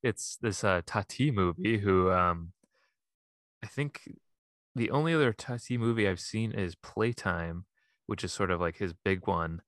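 A man's voice: low-pitched, measured pace, fairly bright tone, dry recording. A man co-hosting a podcast, chatting casually about movies, rambling with fillers and laughing often. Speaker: podcast co-host. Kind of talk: casual chat.

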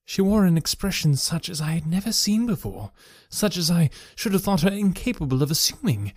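A man's voice: sits high, expressive, husky, dry recording. Man narrating a classic tale, dry and close. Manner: measured, dramatic storytelling. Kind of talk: scripted first-person story narration.

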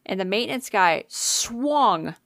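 A woman's voice: mid-range voice, takes it slowly, creaky, no room sound, studio quality. Chatty woman retelling a spooky episode. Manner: animated retelling, frequent swearing and fillers. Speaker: podcast co-host. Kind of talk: casual podcast chat, storytelling.

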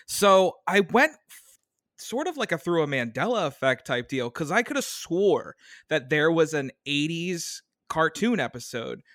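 A man's voice: a little high, sing-song, unhurried, fairly bright tone, no echo, clean studio sound. A man co-hosting a casual chat, laughing often and rambling through his stories. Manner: laughs a lot, rambling with restarts and fillers. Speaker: podcast co-host.

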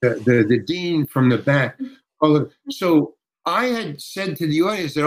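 An older man from the United States, a comedian telling a rambling, halting anecdote as an interview guest. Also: a little high, animated, low-quality recording. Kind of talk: conversational storytelling.

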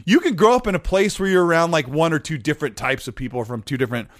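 A man's voice: a little high, fast talker, no echo, clean studio sound. A man hosting a live stream, chatting casually and reading out viewer messages. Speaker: streamer host.

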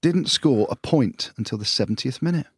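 A man's voice: mid-range voice, expressive, moderate pace, slightly rough, no room sound, studio quality. A man hosting a podcast, leading the segments with chatty, teasing banter. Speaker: podcast host. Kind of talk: casual rugby banter.

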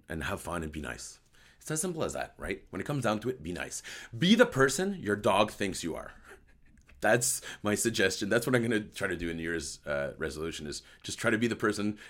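A tired, hoarse male host with a slight French-Canadian accent, chatting casually and rambling as he answers a live chat. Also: fairly low pitch, a bit bright. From Quebec, Canada. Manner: rambling, self-deprecating, switches between English and French.

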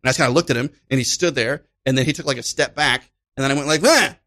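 A man's voice: mid-range voice, steady tone, very fast, pushed and bright. A man from Chicago, a podcast guest, telling a story in casual chat and acting out voices and sounds as he goes.

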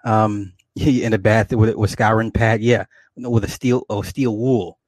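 A man's voice: on the low side, fairly even intonation, measured pace, darkish tone, no room sound. A man delivering a profane, boastful comedic rant to his viewers, repeating himself and laughing often. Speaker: vlogger.

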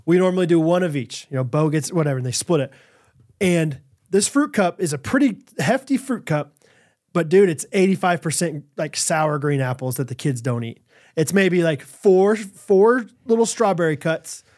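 A man co-hosting a podcast, ranting casually in an animated way. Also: on the high side, normal speed. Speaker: podcast co-host. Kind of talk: casual chat.

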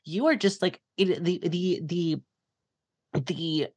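A woman with a notably low voice talks through a film on a casual podcast. She rambles, leans on filler words and swears freely. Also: takes it slowly, darkish tone. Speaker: podcast co-host.

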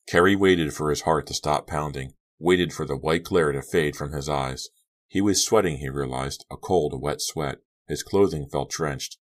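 Man, audiobook narrator, very deep voice, steady clipped delivery, scripted narration. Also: normal speed.

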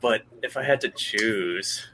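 A man talking in a casual panel discussion, halting and restarting his sentences. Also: fairly low pitch, background noise. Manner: halting, restarts often, laughs easily.

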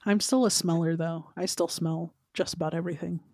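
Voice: mid-range voice, fairly even intonation, fairly quick, a little mellow, no echo, studio quality. A co-host in casual chat, talking in a laid-back, musing way with some hesitation.

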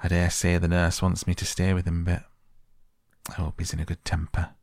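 A man's voice: low voice, monotone, brisk, gravelly, darkish tone, dry recording, studio quality. A man voicing a nervous, humble young maidservant with an in a storybook reading. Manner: timid, deferential.

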